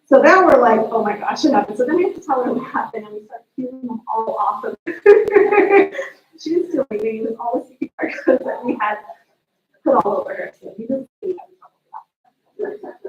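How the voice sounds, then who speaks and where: A woman speaking as a sister at a memorial, telling family stories in an animated way. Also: high voice, a little fast. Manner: storytelling, animated retelling of family moments. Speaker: sister giving a eulogy. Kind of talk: memorial eulogy with family anecdotes. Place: memorial service room. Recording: distant echoey room mic, dull sound.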